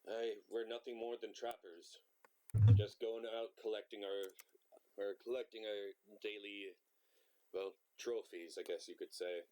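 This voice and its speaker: A man's voice: fairly low pitch, fairly even intonation, unhurried, mellow, slight background noise, close to an everyday voice. A man voicing a large, wary male trapper in a tabletop role-play, speaking bluntly and offhand.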